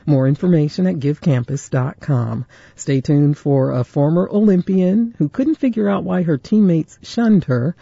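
A man reading scripted station announcements, sponsor notes and weather in a smooth announcer manner. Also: on the high side, mellow, no room sound, highs cut off.

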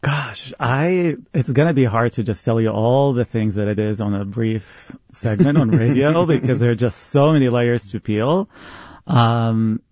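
A man's voice: mid-range voice, measured pace, a little mellow, no echo. A man from Qatar, an activist guest on a radio interview, telling his story animatedly with laughter. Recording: dry, slightly muffled radio audio.

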